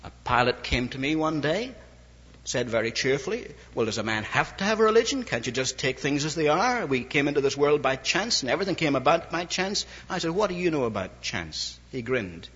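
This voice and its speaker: Lively old-time preacher in a hall. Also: male voice, a little high, brisk, breathy edge. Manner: storytelling, quoting others in dialogue. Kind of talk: sermon. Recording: lo-fi old recording in a reverberant hall.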